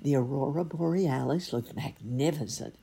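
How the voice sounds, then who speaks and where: A woman narrating a fairy tale in an expressive, lively storytelling manner. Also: low-pitched, normal speed, vocal fry, slight background noise.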